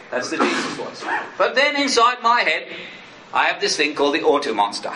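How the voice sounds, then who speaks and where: A man preaching a sermon as pastor, earnest, who now and then acts out inner voices in sudden higher bursts. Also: big pitch swings, normal speed, pushed and bright, roomy sound, far from the mic, slight background noise, poor audio.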